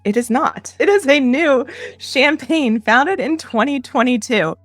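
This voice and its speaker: A woman's voice: sits high, lively intonation, unhurried, no room sound, soft background music. A woman with a Chicago accent hosting a casual explainer video, chatty and self-deprecating, laughing often. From Chicago, US Midwest. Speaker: crypto video host.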